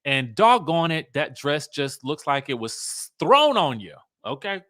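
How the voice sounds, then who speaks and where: A young man, hosting a casual live stream in a sassy, playful, animated way, repeating words for effect. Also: a little high, a little slow, few pauses, no echo, studio quality. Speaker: host.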